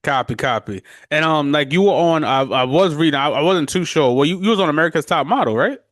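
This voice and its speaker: A man from New York hosts a relaxed podcast conversation, chatting casually and filling the gaps with easy agreement. His voice sits a little high, and the sound is dry and close. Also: fast talker, no room sound. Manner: laid-back, frequent backchannel "yeah". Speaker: podcast host. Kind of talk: casual interview chat.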